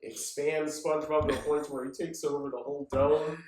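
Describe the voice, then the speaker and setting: A man's voice: fairly high pitch, fairly even intonation, brisk, darkish tone, slight background noise. A man co-hosting a podcast in casual chat, acting out quotes in character voices. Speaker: podcast co-host. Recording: roomy echo.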